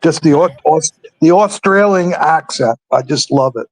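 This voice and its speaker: A man calling in to a radio show, speaking slowly and hesitantly with many pauses and restarts. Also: fairly high pitch, low-quality recording. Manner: slow, hesitant, lots of uhs and restarts. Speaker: regular caller.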